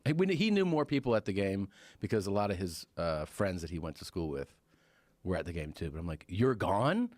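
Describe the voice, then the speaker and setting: A man with a low voice tells a story in loose, casual conversation. He talks close to a dry, dead microphone and jumps into louder, higher voices when he quotes people. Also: a little fast, no echo. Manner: animated storyteller, acts out quotes in raised voices. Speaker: podcast guest.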